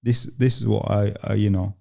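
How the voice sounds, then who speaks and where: A young man from Uganda, a guest in an interview, telling his story in a halting way with many restarts and quoted lines. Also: on the low side, little pitch movement, vocal fry, warm tone. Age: young adult.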